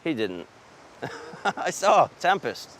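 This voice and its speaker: A man performing a dramatic film monologue as a weary, wistful gay storyteller, swinging from fervent outbursts to hushed confessions. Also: on the high side, sing-song, takes it slowly, slight background noise, exaggerated voice. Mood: fond.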